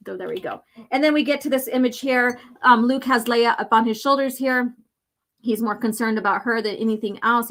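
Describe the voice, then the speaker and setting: A woman's voice: fairly high pitch, a bit bright. A woman hosting a casual chat, reading comic book panels aloud and commenting with lots of fillers. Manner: chatty, many fillers, reads dialogue slowly with emphasis.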